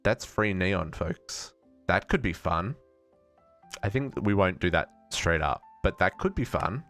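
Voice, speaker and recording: Australian male streamer, low-pitched, animated, chatty and self-correcting. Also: a little slow, faint music behind. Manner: thinking aloud, musing and self-correcting. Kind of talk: casual live-stream gaming chat.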